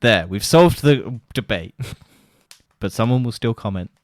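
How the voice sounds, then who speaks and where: Blunt low-voiced man, dry mic. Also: expressive, measured pace, dry recording. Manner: blunt, swears freely, scoffing. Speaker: podcast co-host. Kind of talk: casual chat.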